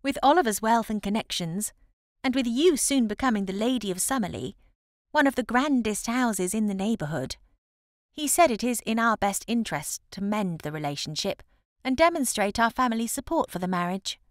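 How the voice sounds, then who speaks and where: Cheerful young lady in a storybook, girlish and chatty, higher and lively in pitch, played by a woman narrator. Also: moderate pace, no echo, clean studio sound, close to an everyday voice.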